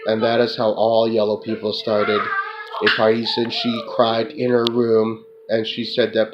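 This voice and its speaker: A man rambles on in a profane monologue in a flat, unvarying voice, often ending his lines with a dismissive "duh." The recording is muffled and lo-fi, with loud hiss underneath. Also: lowish voice, a little slow. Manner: repetitive, profane, tacks on "duh"; addresses an unseen listener. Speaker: self-described remote viewer.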